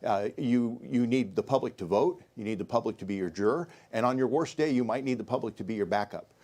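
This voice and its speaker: A man's voice: medium pitch, brisk, darkish tone. A middle-aged sheriff candidate speaks earnestly in a debate, stacking points one after another. He restarts and repeats words as he goes, his voice in an ordinary middle male range. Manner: earnest, repetitive, lists points. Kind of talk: debate answer.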